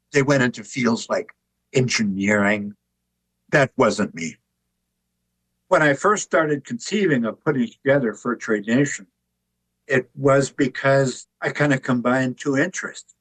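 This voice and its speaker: A man's voice: medium pitch, no room sound, rough recording. Older man telling dry, wry stories. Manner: relaxed, anecdotal, wry humor. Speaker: author and artist guest. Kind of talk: conversational interview storytelling.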